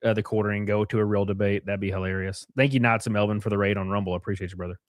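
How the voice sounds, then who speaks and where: A man's voice: lowish voice, steady tone, very fast, no echo, clean studio sound. A man streaming live, reading chat messages aloud with amused commentary.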